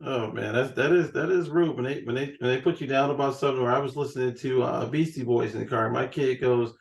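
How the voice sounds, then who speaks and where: A man's voice: medium pitch, fast, vocal fry, echoey room. A man in his forties hosting a podcast, telling jokey stories in casual chat. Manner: joking, animated storytelling. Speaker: podcast host.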